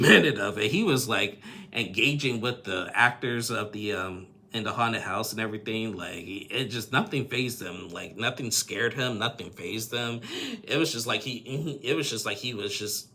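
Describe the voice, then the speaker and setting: A man's voice: fairly low pitch, gravelly, pushed and bright, a little hiss or hum. A man giving a casual, rambling recap of a reality show, full of fillers and laughs.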